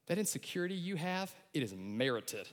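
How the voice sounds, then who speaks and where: A man preaching a lively sermon, acting out voices and shouting his key lines. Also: fairly high pitch, fairly quick. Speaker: pastor. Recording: long hall reverb.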